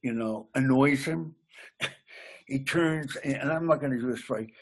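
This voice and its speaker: A man from Massachusetts, a comedian guest telling a lively anecdote. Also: medium pitch, unhurried. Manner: animated anecdote teller, laughs along. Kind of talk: casual storytelling.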